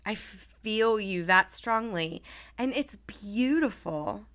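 A woman therapist in her thirties hosting a heartfelt conversation, speaking softly and affirmingly with emphatic moments. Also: medium pitch, expressive, slow. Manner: soft, warm and affirming, emphatic at times. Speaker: therapist and podcast host.

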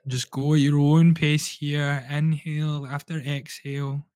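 A man, a breathwork coach, guiding listeners through a breathing exercise with calm, slow, soothing instructions. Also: fairly high pitch, dry recording.

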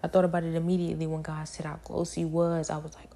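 A woman giving a spoken personal testimony, halting and repetitive, with many fillers. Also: deep voice, completely flat delivery, vocal fry, mellow.

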